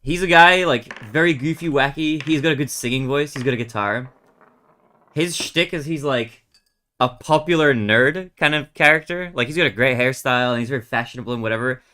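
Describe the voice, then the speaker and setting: Young adult male streamer, mid-pitched, bright tone, chatty and meandering. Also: a little fast. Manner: rambling, animated retelling with many fillers. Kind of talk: casual chat while gaming.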